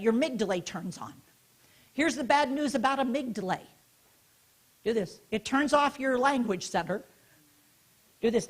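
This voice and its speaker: High-pitched woman giving a keynote, bossy-fun, keeps telling the crowd do this, quizzes them. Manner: animated, directive, asks the audience questions and leads hand gestures. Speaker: keynote speaker. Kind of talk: interactive conference lecture. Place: conference hall stage.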